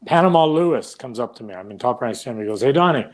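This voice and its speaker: A man, a guest on an interview show, telling long anecdotes in a casual, animated way and acting out the dialogue. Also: mid-range voice, fast talker. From Canada. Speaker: guest, retired boxer. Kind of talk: casual storytelling.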